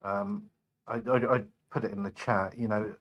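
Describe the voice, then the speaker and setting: A man speaking as a guest on a live stream in a halting, stammering, measured way. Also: medium pitch, big pitch swings, gravelly, fairly bright tone. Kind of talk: casual call-in chat.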